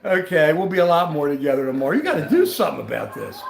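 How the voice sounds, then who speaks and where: A man's voice: quick pace, vocal fry, roomy sound, a crowd in the background. An American man hosting a casual livestream, rambling and laughing as he talks. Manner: animated, rambling, laughing, mimics friends in high voices. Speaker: livestream host.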